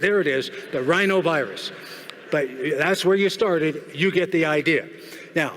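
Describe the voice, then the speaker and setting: A man's voice: a little high, a bit bright. A middle-aged man giving a keynote speech on stage, joking and firing questions at the audience. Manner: jokey, asks the audience questions. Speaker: keynote speaker. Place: large hall with audience. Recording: long hall reverb.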